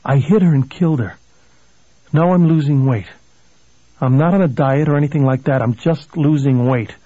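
A man's voice: fairly high pitch, normal speed, mellow, no echo, highs cut off, lightly acted. A man reading a haunted, desperate male lawyer's pleas in an audiobook. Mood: urgent, pleading.

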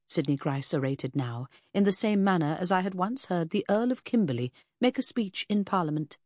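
A woman narrating a first-person audiobook in a measured, expressive way. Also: fairly low pitch, no echo, studio quality.

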